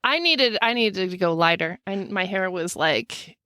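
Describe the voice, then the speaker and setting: A woman co-hosting a podcast, chatting casually with animated, giggly storytelling over a video call. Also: mid-range voice, unhurried, no room sound, studio quality. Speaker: podcast co-host. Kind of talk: casual chat.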